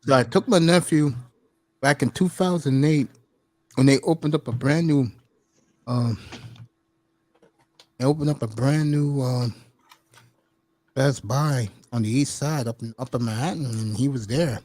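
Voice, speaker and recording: A man's voice: mid-range voice, measured pace, long pauses, a little mellow, no echo. A middle-aged man telling stories casually, mimicking people and laughing often. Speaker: podcast host. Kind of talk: casual storytelling chat.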